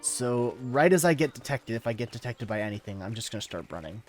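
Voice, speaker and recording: A man casually commenting on his own game playthrough, quiet and muttering, swearing when frustrated. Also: mid-range voice, animated, a little fast. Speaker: gamer narrating his playthrough. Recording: clear background music.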